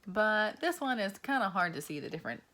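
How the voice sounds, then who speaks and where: A woman in her twenties or thirties gives a slow, encouraging lesson to young children and asks them questions. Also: medium pitch, big pitch swings, pushed and bright. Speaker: preschool teacher.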